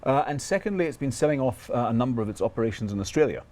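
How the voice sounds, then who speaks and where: A man appearing as a fund manager guest in a TV interview, answering quickly and hesitantly with many fillers. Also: mid-range voice, lively intonation, darkish tone.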